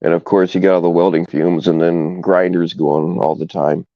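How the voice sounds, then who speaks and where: A man's voice: deep voice, level tone, moderate pace, no room sound. A man hosting a casual stream, rambling and hesitant with many fillers. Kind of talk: casual live stream chat. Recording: dull, lo-fi stream audio.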